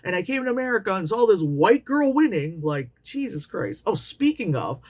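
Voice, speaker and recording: Profane, animated woman reviewing a movie. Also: mid-range voice, normal speed. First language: Chinese. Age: late 30s. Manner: profane, animated, voices characters mockingly.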